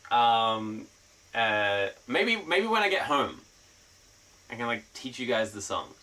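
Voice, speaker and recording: A man's voice: mid-range voice, very animated, measured pace, pushed and bright, far from the mic, poor audio. A young man streaming a casual chat, rambling with lots of fillers and freely swearing.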